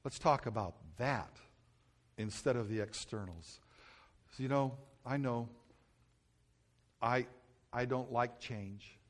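A man's voice: mid-range voice, takes it slowly, long pauses. A middle-aged male pastor preaching a sermon, telling stories about himself and mocking himself as he goes. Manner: storytelling, self-mocking, acts out his own yelling.

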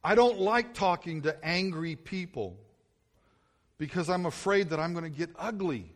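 A man's voice: on the high side, expressive, moderate pace. A middle-aged male pastor preaching a sermon, telling stories about himself and mocking himself as he goes. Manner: storytelling, self-mocking, acts out his own yelling.

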